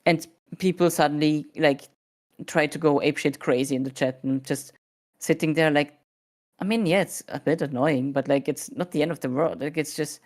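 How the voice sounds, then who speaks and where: A sleepy woman with a notably low voice chats casually on a stream. She rambles and hesitates, filling her sentences with fillers as she works through her thoughts. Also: moderate pace, a little mellow. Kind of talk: casual chat.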